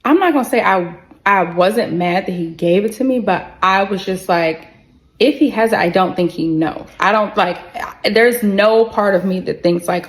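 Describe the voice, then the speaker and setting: A woman telling a personal story in a casual storytime vlog, candid and expressive, swearing freely and addressing her viewers directly. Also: mid-range voice, normal speed.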